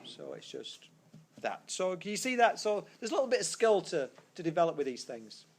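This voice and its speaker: A man's voice: high-pitched, big pitch swings, moderate pace. A man teaching a physics class, explaining step by step in a classroom and correcting himself as he goes. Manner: explanatory, thinks aloud, self-correcting. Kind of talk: classroom lecture. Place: classroom with students. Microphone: tablet screencast mic.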